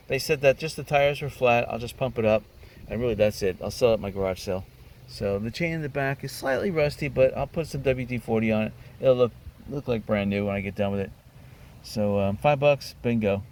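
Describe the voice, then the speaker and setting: Chatty man doing a casual show-and-tell vlog, lots of ums, gets excited over bargains, faint noise behind. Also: medium pitch. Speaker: garage sale vlogger.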